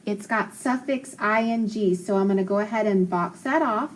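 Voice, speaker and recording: Woman teacher, encouraging phonics lesson, clear sound-outs. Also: medium pitch. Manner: encouraging, slow sounding-out of words.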